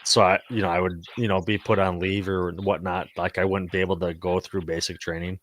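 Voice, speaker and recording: Man, guest, very low voice, relaxed matter-of-fact telling. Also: a little fast. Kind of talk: casual chat.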